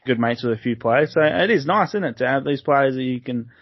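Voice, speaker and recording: A man's voice: medium pitch, animated, brisk, dry recording. A man hosting a podcast, chatting casually and laughing along with his guest. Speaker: podcast host. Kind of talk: casual interview chat. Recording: dry, slightly dull podcast audio.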